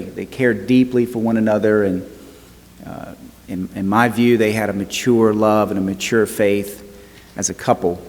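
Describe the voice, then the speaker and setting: A male pastor preaching a sermon, telling a story in a measured way and stressing words by repeating them. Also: medium pitch. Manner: storytelling, slow and measured with emphatic repetition. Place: church sanctuary. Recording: long church reverb.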